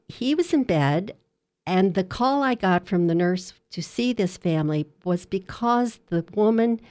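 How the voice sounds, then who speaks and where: A woman's voice: fairly low pitch, a little mellow. Earnest woman telling a care story. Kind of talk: telling a patient story in an interview.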